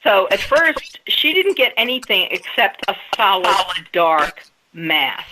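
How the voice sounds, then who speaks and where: A woman's voice: medium pitch, big pitch swings, slow pace, bright, forceful tone, rough recording. A woman guest on a radio interview, telling a story step by step in a casual way. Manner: storytelling, recounting events step by step.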